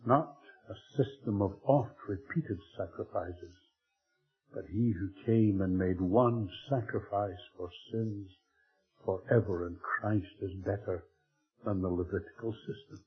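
A man preaching a Bible-teaching sermon in a measured, emphatic way, often clearing his throat. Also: fairly low pitch. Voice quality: husky. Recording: old tinny phone-like tape with faint music.

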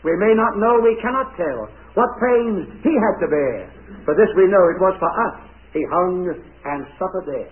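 High-ish voiced preacher doing a dramatic kids' object lesson, quizzing them, sounds like an old phone-line recording. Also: male voice, expressive, normal speed. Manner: emphatic, dramatic, quizzes the children. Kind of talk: children's object-lesson sermon.

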